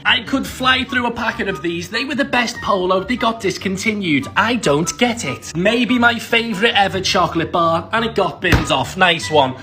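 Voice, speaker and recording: A young British man with a British accent, ranting comically to camera with theatrical exasperation and shouted outbursts. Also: high-pitched. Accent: British English. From Britain. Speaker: comedy creator. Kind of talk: comedic rant to camera.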